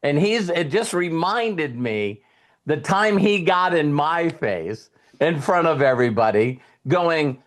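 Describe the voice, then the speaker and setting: Man, slightly high-pitched, live session host, casual motivational talk, chatty storyteller. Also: expressive, slow pace. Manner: chatty storyteller who speaks straight to the audience.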